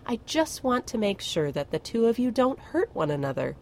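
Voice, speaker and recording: A woman's voice: on the high side, sing-song, moderate pace, a little mellow, voice pushed up. A woman voicing a kindly old witch who soothes and coos in a sing-song way. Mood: soothing.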